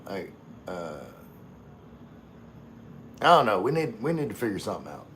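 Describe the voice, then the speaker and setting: A man hosting a casual livestream, chatting with viewers in a halting way full of fillers and restarts. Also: fairly low pitch, big pitch swings, fairly bright tone, a little hiss or hum. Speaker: livestream host. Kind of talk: casual live chat with viewers.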